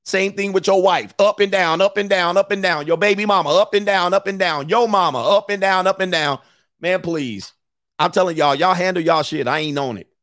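A man's voice: high voice, fairly quick, a bit bright, no room sound, clean studio sound. A man hosting a live stream as a life coach, ranting bluntly and profanely, laughing between points, repeating phrases, and answering viewers' super chats. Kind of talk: casual livestream rant answering super chats.

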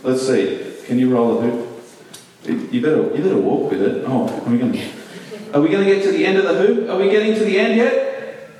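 A man giving a children's talk in church, asking questions and telling the story with lively energy. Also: fairly high pitch, normal speed. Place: large church hall. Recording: echoey hall, mic at a distance.

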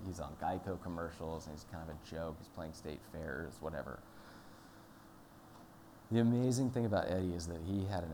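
A man giving a sermon at church in a relaxed, conversational, storytelling manner. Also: low voice, a little hiss or hum. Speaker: pastor.

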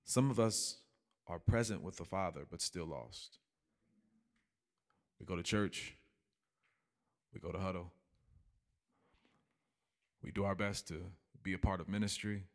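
Gravelly male preacher. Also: sits low, unhurried, long pauses. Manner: storytelling preacher, drops to quiet emphasis. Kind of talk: sermon.

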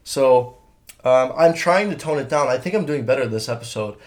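A young man rambles through a solo podcast from his partly soundproofed room at home. He swears freely, backtracks, and corrects himself mid-sentence. His voice sits at an ordinary male pitch. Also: animated, moderate pace, darkish tone. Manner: rambling, profane, self-correcting. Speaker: podcast host. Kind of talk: casual solo podcast monologue.

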